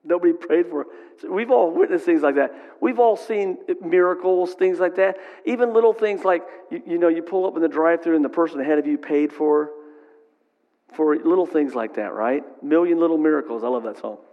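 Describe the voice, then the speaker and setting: A man's voice: on the high side, muffled recording. Middle-aged male pastor preaching, echoing hall. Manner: conversational, asks the crowd "right?". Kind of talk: sermon.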